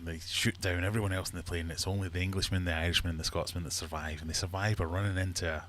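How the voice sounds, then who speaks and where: A man hosting a casual livestream from his fish room, chatty and quick to laugh while telling jokes. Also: low-pitched, fairly even intonation, fairly bright tone, slight background noise. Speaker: livestream host.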